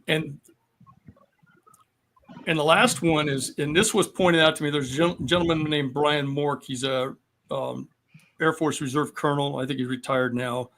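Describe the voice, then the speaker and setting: Man in his sixties, veteran guest, slightly high voice, measured and explanatory, lots of ums. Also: fairly even intonation, vocal fry, a bit bright, a little hiss or hum. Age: 60s. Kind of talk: podcast discussion.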